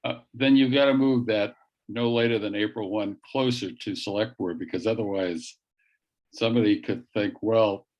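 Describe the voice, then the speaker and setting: A man's voice: on the low side, fairly even intonation, normal speed, a little mellow, low-quality recording. A man on a town committee, thinking aloud with fillers as he drafts the wording of a statement in a casual meeting. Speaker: committee member.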